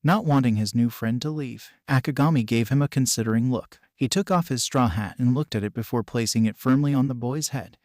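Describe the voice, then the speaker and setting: A man reading a fan story aloud as narrator, in an even, unhurried way. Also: mid-range voice, no echo, studio quality.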